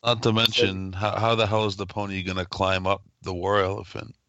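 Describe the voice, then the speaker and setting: Very deep-voiced skeptical man. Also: flat delivery, brisk, a bit bright, dry recording, dull audio. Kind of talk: casual chat.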